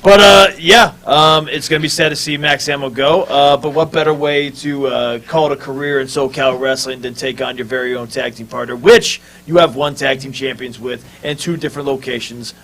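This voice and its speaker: A man on a wrestling panel giving earnest picks, halting with many fillers. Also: fairly high pitch, fairly bright tone, low-quality recording. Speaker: wrestling pundit. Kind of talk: panel commentary.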